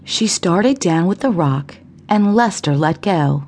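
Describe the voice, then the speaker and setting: A woman narrating a suspense thriller audiobook in a measured, unhurried reading. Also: lowish voice, animated, darkish tone.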